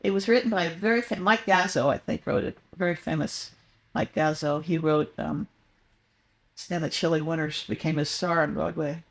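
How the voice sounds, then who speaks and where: An older woman with a deep, fry-tinged voice talks at a moderate pace as a guest in a casual interview. She tells loose, wandering anecdotes full of ums, fillers, restarts and self-corrections.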